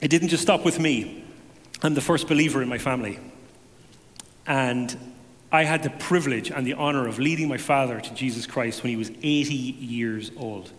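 A man giving a personal testimony to a congregation, telling it as an animated story with self-deprecating humor. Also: medium pitch, moderate pace, in a large hall.

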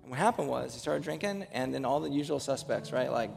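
A man's voice: medium pitch, fast, creaky, few pauses, big-room sound, faint music behind. A man preaching a sermon as pastor to his church, telling a story and rising into passionate, urgent preaching. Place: church sanctuary.

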